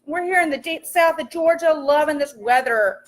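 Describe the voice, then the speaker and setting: A chatty young woman talks through a casual livestream while she cooks in her home kitchen, upbeat and quick to laugh. Her voice sits high and bright, and she greets each viewer by name into a phone camera. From American countryside. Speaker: livestream host cooking while reading comments.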